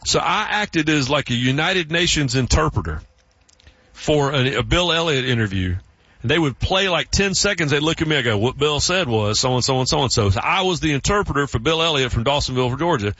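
A middle-aged man from South Carolina with a Southern accent, hosting a sports radio show and telling stories in casual chat, breaking into high mimicking voices. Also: fairly quick, slightly rough, no echo. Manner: animated, jumps into high voices to mimic coworkers. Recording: dull, slightly lo-fi radio sound.

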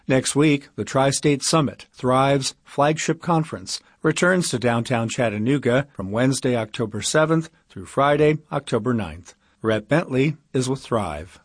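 A man introduces a segment on local radio in a crisp, scripted read. The studio sound is dry and close. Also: medium pitch, expressive, measured pace, dry recording. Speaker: radio program host.

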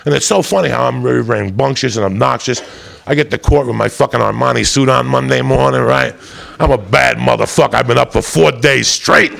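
A man doing profane stand-up storytelling on a club stage, loud and shouting his punchlines. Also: medium pitch, brisk, vocal fry. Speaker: stand-up comedian.

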